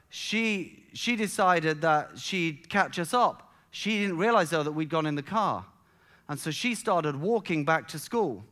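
A middle-aged man preaching a sermon, telling a family story with halting restarts and emphatic build-ups. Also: high voice, pushed and bright. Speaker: pastor.

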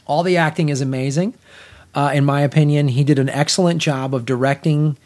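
A middle-aged man co-hosts a podcast, reviewing a film in casual chat with a somewhat high voice at a slightly fast pace. He's blunt and animated, swears freely and often restarts his sentences.

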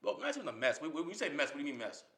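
Animated, laughing man debating sports. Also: a little high, very fast. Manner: animated, laughs often, repeats himself.

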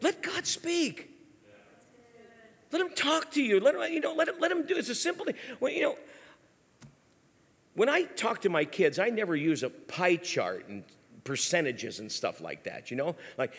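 A man preaching an animated sermon, telling stories in a lively, casual way. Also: a little high, moderate pace, husky. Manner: lively, storytelling, casual slang. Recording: long hall reverb.

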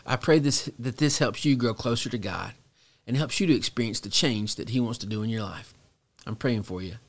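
Speaking slowly and earnestly, a middle-aged pastor teaches reflectively on a devotional podcast. His voice is mid-range and falls to a soft hush at each pause.

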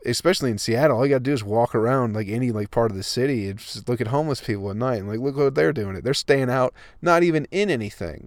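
A man's voice: medium pitch, no echo, studio quality. A young man, a comedian and host, talking in a casual comedic monologue, swearing freely, ranting and laughing at his own jokes.

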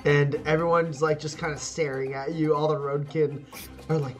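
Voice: medium pitch, little pitch movement, moderate pace, music in the background. A game master narrating a tabletop game in rambling, filler-heavy speech, often breaking into laughter.

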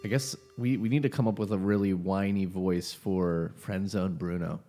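Low-voiced man hosting a casual podcast. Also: steady tone, normal speed, dark tone, faint music behind. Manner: opinionated, rambling. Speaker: podcast host.

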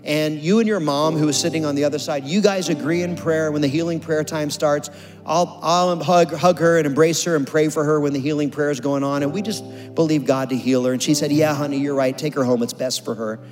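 A man's voice: on the high side, fairly even intonation, brisk. A man tells a testimony from the stage, earnest and dramatic, slipping into the voices of the people he quotes. His words ring out through a large hall's long reverb, with faint music playing underneath. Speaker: preacher telling a testimony. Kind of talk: sermon storytelling.

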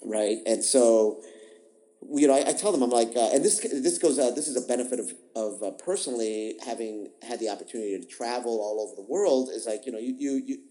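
A man's voice: mid-range voice, fairly quick, dark tone, low-quality recording. A man, an improv teacher, answering interview questions in a thoughtful, explanatory way, often restarting and repeating words. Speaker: improv teacher, podcast guest.

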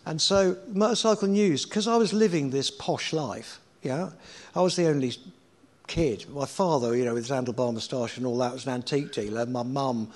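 A man's voice: mid-range voice, moderate pace, a little mellow. A middle-aged man in a casual interview, telling rambling anecdotes with swearing and laughter. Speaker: guest.

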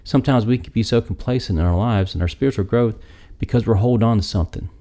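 A man with a very deep voice thinks aloud in a casual faith discussion. His tone is dark and mellow. He rambles through long sentences and murmurs agreement while his partner talks. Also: fast talker.

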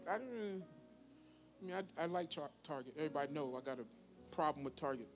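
Male pastor, 50s, high voice, sermon delivery with sudden loud peaks over faint music. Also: fairly even intonation, fairly quick, pauses often. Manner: preaching with sudden loud high bursts and quiet asides.

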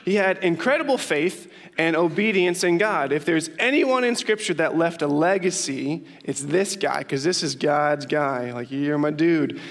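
A young man, a youth pastor, preaching a sermon and telling stories with lively emphasis and frequent laughs. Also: fairly high pitch, normal speed, vocal fry, few pauses. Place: church hall with long reverb. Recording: reverberant church hall.

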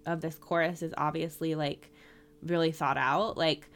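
A woman co-hosting a podcast, talking casually and a little haltingly about song lyrics. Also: low voice, little pitch movement. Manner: hesitant, many "um" fillers. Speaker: podcast co-host.

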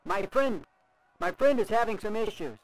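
A man's voice: high-pitched, expressive, normal speed, rough recording. A man playing an anxious stranded man pleading over a radio for medical help in an audio drama. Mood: urgent. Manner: urgent, pleading.

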